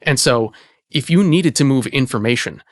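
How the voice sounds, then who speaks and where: A man, an archivist hosting the conversation, explaining in a relaxed way with lots of "you know" fillers. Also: medium pitch, moderate pace, no room sound, clean studio sound. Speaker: archivist and host. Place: indoor archive space.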